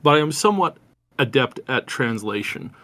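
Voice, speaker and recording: A man co-hosts a gaming news podcast, speaking casually in a mid-range, sing-song voice at normal speed that sounds pushed and bright. He rambles and restarts often, growing more indignant as he goes.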